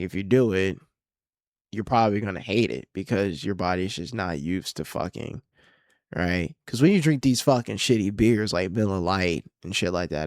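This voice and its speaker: Low-voiced profane rambling guy. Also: dry recording, clean studio sound. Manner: rambling, profane, self-mocking. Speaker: podcast host. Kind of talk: casual solo podcast monologue.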